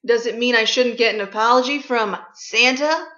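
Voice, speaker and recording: A woman's voice: a little high, normal speed, pushed and bright. A woman vlogger delivering a blunt, sarcastic, profane comic rant. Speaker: vlogger ranting about gifts. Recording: echoey room, slightly dull sound.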